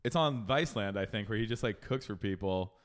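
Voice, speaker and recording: A man's voice: on the low side, lively intonation, a little fast. A man in his thirties co-hosting a podcast, joking in a laid-back, casual way. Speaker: podcast co-host. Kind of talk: casual chat.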